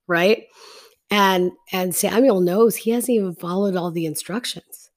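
A woman's voice: mid-range voice, moderate pace. A woman teaching a Bible story in a casual, chatty way, retelling scripture in slangy everyday speech.

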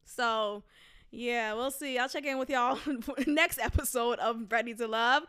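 A woman hosting a solo commentary podcast, talking in an animated, sassy way with mocking rhetorical questions and frequent laughter. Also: a little high, a little slow, clear, resonant tone. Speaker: podcast host.

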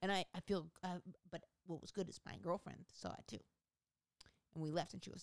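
A woman's voice: fairly low pitch, steady tone, a little fast, no room sound. A woman comedian telling a rambling, profane story about her own life in a casual, self-mocking way.

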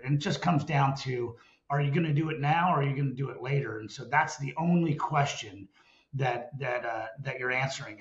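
A middle-aged man reflects on his working life in an unhurried interview, his voice sitting a little high. He often restarts his phrases as he tells his stories. The sound is roomy and a bit dull. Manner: reflective, storytelling with many restarts. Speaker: guest, former sales executive. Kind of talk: casual interview conversation.

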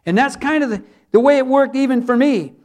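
A man's voice: very high-pitched, brisk, darkish tone. A man who is a pastor, preaching a sermon earnestly and repeating words for emphasis.

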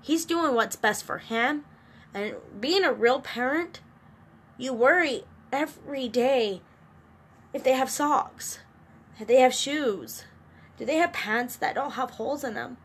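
A woman's voice: high-pitched, a little slow, breathy edge. A middle-aged woman talking to her camera in an earnest, emotional, rambling way, with restarts. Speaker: vlogger. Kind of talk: personal vlog confiding about co-parenting struggles.

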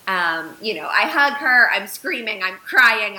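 A woman's voice: medium pitch, lively intonation, moderate pace, few pauses, sharp tone, rough recording. A woman in her thirties, a podcast guest, telling a personal story earnestly and with animation, using many filler words.

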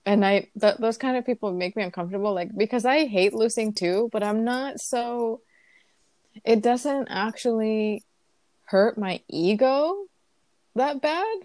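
A woman's voice: on the high side, measured pace, darkish tone, no echo. Chatty woman, Spanish native speaker. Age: 30s. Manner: rambling storyteller with many fillers. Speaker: podcast co-host. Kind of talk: casual chat.

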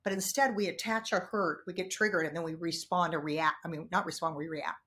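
A woman talking as a podcast guest, telling personal stories frankly and animatedly, jumping from loud outbursts to hushed asides. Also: lowish voice, steady tone, a little fast. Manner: frank, casual swearing. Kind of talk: candid conversational storytelling.

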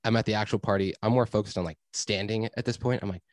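A man's voice: on the low side, fairly even intonation, fast, no room sound. A young man telling a rambling story in a casual chat, laid-back, swearing and full of fillers. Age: young adult.

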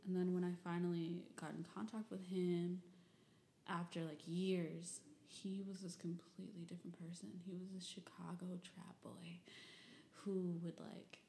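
A woman's voice: on the low side, flat delivery, normal speed, gravelly, warm tone, echoey room, slight background noise. A young woman from Michigan telling personal stories and reading old diary entries in a rambling, candid way, full of fillers and the odd curse. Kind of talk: personal storytelling.

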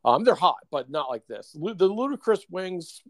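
A man's voice: high-pitched, sing-song, normal speed, no echo. A man co-hosting a podcast, telling a long story in casual chat, full of fillers and laughs. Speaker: podcast co-host.

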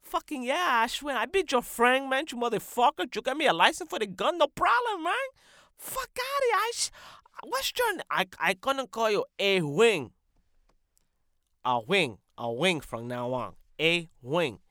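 A man doing a loud, brash, swearing host. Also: animated, takes it slowly, dry recording, studio quality, heavily acted. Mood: loud ribbing. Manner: loud, brash, swears constantly, pitch jumps high. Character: brash loud profane male podcast host. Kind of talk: comic sketch.

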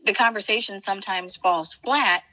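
At a moderate pace, a woman with a medium-pitched voice sounds pushed and bright, captured on low-quality audio. A Chicago spiritual teacher, she chats casually as an interview guest. Her style is folksy and emphatic, calling the listener honey and baby.

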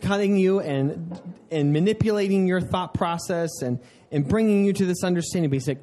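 A young man preaches in a relaxed, conversational way, full of earnest asides. His voice sits a little high but sounds warm and mellow. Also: fairly quick. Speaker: pastor. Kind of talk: sermon.

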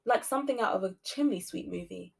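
A woman hosting a podcast, narrating a spooky story with expressive shifts between loud and soft delivery. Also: medium pitch, fast talker, vocal fry, husky. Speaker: podcast host reading a story.

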